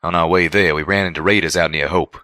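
Guy doing a drawling cowpony, bright folksy voice, dry sound. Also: deep voice, fairly even intonation, fast talker, no room sound.

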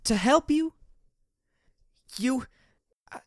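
A man voicing a small young female pegasus pony, emotional and fierce, speaking in a high, strained voice. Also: lively intonation, moderate pace, dry recording, studio quality. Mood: furious. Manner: high, strained, tearful shouting.

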